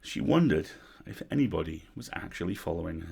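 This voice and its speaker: A man reading a story aloud on a livestream, measured, with wry asides. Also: sits low, expressive, creaky, mellow, breathy edge. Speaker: story reader.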